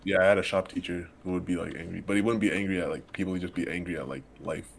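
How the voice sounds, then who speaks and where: A man in a casual reaction chat, easygoing and quick to laugh while telling a story. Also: low-pitched, steady tone, vocal fry, noisy background. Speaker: co-host reacting.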